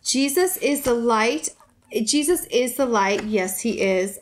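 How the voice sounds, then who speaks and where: A woman's voice: on the high side, animated, slow, a little hiss or hum. Gushing, effusive woman vlogger. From United States. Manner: gushing, effusive, repeats herself; soft, rambling with many fillers. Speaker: YouTuber opening viewer mail. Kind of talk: casual vlog chat.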